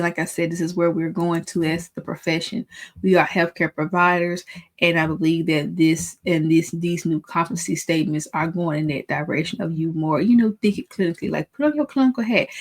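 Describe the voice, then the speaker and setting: A young adult woman with a Southern country accent, coaching pharmacy students in a fast, excitable, chatty way. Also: on the low side. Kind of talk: casual teaching talk to camera.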